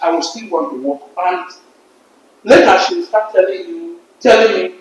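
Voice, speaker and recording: High-pitched emphatic man in echoey room. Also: expressive, moderate pace. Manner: emphatic, repeats words, storytelling. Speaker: podcast panelist. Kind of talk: casual debate.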